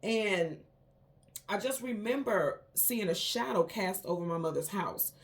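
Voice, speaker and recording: A woman hosting her own tarot channel, recounting a dream and airing suspicions in an animated, emphatic and indignant casual monologue. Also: medium pitch, a little slow. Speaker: tarot reader, channel host.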